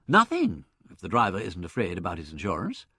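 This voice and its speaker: A poised gentleman detective in an audiobook, voiced by a male reader, drawling his questions low and dry. His pitch dips and rises with wry emphasis. The sound is close and dry. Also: huge pitch swings, brisk, breathy edge, no room sound, full character voice. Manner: dry, probing questions, lower voice. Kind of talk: audiobook character voice.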